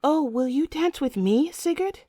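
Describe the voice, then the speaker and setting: A woman voicing a sweet, eager young noblewoman bride in an audiobook, with a breathy, girlish manner. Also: sits high, expressive, unhurried, warm tone, no echo, clean studio sound, pitched above the performer's own voice. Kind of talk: audiobook character reading.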